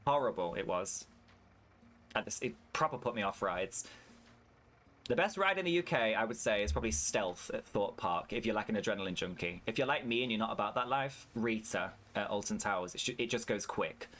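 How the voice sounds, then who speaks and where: A man's voice: fairly low pitch, animated, a little fast, a bit bright. A British man with a British English accent, chatting casually and swearing freely while streaming a farming game and answering his chat. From United Kingdom.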